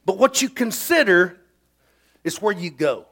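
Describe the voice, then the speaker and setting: Middle-aged preacher, high lively voice, emphatic folksy sermon delivery. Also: male voice, a little slow, creaky, long pauses.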